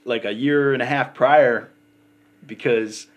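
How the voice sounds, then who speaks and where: A podcast guest shares his recovery story in a casual chat, earnest, rambling, candid and emotional, often dropping "you know" and "man." His medium-pitched voice is steady and slow, and the audio sounds dull.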